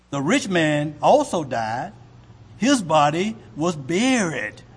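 High, lively husky male preacher. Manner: rhetorical questions to the congregation. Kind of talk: sermon. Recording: long hall reverb.

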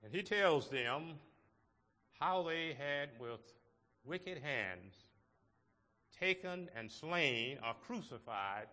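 A man preaching a sermon to his congregation in a slow, measured way, with emphatic rises on key words. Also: fairly high pitch, lively intonation, pushed and bright, big-room sound. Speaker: pastor.

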